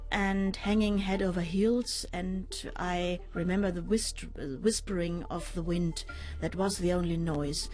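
An older woman in an interview, recounting a personal ordeal in a measured, halting way with pauses and fillers. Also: on the low side, fairly even intonation, darkish tone. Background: faint music.

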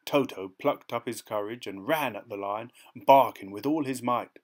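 A man reading a children's story aloud with expressive storytelling. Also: medium pitch, normal speed. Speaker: storybook reader.

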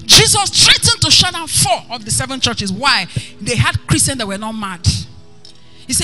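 High-voiced, fiery woman preacher. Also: sing-song, moderate pace, faint music behind. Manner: passionate preaching that builds to shouts. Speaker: pastor. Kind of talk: sermon.

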